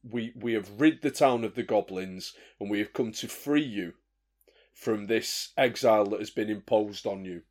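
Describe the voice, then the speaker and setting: A man playing a soft-spoken peacemaking adventurer. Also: on the low side, normal speed, close to an everyday voice. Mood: soothing. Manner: soft, soothing and formal. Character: calm gentle male adventurer, a peacemaker.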